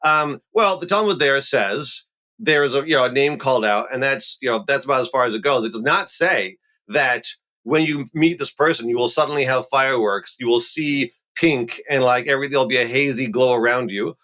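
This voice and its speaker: Middle aged guy from montreal, rabbi, chatty and animated, normal mid voice. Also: medium pitch, fairly quick. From Montreal, Canada. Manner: animated, playful asides, mock voices. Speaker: rabbi, guest. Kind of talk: conversational explanation.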